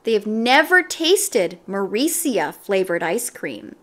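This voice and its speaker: A woman voicing a friendly young male yard teacher who tells a story to a class with patient, lively storytelling. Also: medium pitch, slow.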